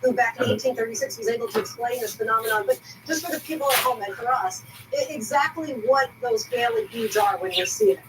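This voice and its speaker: A woman's voice: a little high, fairly quick, music in the background. A woman co-anchoring live news, asking reporters curious follow-up questions. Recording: TV audio taped from a distance, noisy.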